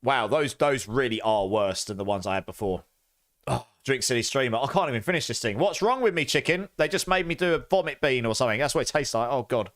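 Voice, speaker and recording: Male game streamer, loose live chat to viewers, animated reactions, mid pitch. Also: fast. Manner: chatty, animated, groaning and gagging reactions.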